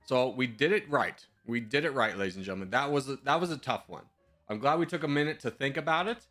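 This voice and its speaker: A man streaming live, talking through his guesses out loud in a loose, self-mocking way. His voice is bright and forward, and his pitch jumps around a lot. Soft music plays faintly underneath. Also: lively intonation, fast. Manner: thinks aloud, chatty, self-mocking. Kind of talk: casual live-stream commentary.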